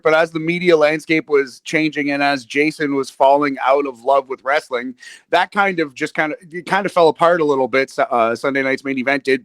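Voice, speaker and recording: A man with a slightly high voice co-hosts a casual sports podcast, laughing often and joking with a loose, profane ease. The sound is dry and close to the mic, with no room around it. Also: fairly bright tone, dry recording. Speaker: podcast co-host.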